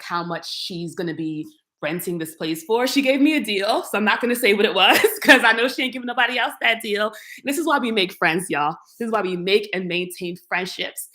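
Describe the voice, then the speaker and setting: Walking viewers through her modern open-plan apartment on a live stream, a woman in her twenties keeps things chatty and playful, addressing them directly. Her mid-range voice has a fairly bright tone. Everything is caught on a camera mic as she moves, and the rooms echo.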